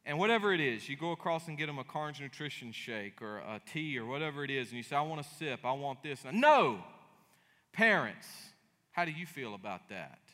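A middle-aged man, preaching a sermon as pastor. He acts out dialogue in lively voices and breaks into sudden loud bursts. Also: mid-range voice, brisk. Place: church sanctuary. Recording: long hall reverb.

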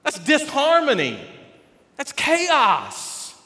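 A man preaching a sermon, animated and folksy, joking with the congregation. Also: very high voice, extremely slow. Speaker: pastor. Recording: long reverb of a large hall.

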